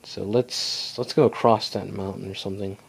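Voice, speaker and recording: Young male let's-play host, low voice, chatty and rambling self-talk. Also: steady tone, normal speed, vocal fry, slightly rough. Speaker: gaming channel host. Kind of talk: casual let's play commentary.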